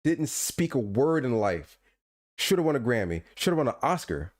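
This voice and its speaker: A podcast co-host talks at medium pitch and a normal speed in a casual chat. He's an animated storyteller prone to playful rants, often repeating himself and restarting lines.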